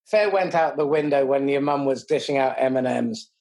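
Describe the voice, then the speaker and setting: A woman's voice: a bass voice, moderate pace, a little mellow. A middle-aged woman hosting an interview, asking playful questions of her guest. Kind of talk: casual interview.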